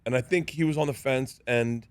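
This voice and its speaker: A comedian telling lively stories in a studio interview, laughing and acting out the other people in them. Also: male voice, mid-range voice, a little fast, no echo. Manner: animated, laughing, acts out voices in his stories. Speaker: comedian guest. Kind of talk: casual storytelling interview.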